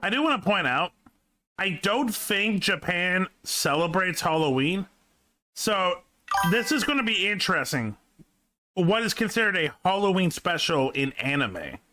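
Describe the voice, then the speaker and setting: A man's voice: sits high, sing-song, unhurried, background noise. A man hosting a casual reaction video, enthusiastic and casually profane.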